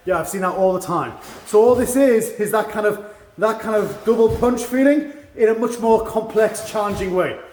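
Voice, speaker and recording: Karate sensei guy teaching online, highish voice, echoey call audio, lots of "yeah?". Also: moderate pace, a little mellow, slight background noise. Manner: encouraging, checks understanding with frequent "yeah?". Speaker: karate instructor. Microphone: video call.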